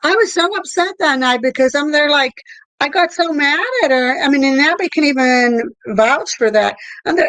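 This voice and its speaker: A middle-aged woman co-hosting a casual talk show, telling a story in an animated way with swearing. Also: high voice, normal speed, no room sound, low-quality recording. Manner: animated storytelling, swearing, repeated "I'm there like". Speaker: co-host. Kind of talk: casual chat about paranormal experiences.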